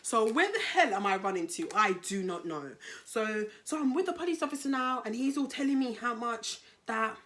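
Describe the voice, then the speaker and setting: A young woman with a London accent tells a storytime vlog in an animated, slang-heavy way and speaks to her viewers as guys. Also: on the high side, moderate pace, few pauses. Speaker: vlogger.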